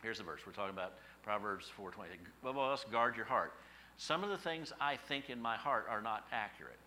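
A middle-aged male pastor delivers a sermon in a bright, forward voice. He leans on homespun stories and asks his listeners questions as he goes, with a faint hiss of noise behind him. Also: fairly low pitch, expressive, a little fast. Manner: folksy storytelling with rhetorical questions.

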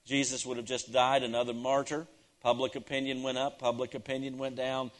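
A man preaches in a mid-range voice, neither high nor low. He drives his points home by repeating phrases and swings from ringing, emphatic declarations down to hushed, near-whispered lines. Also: level tone, a little fast. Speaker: pastor. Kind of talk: sermon.

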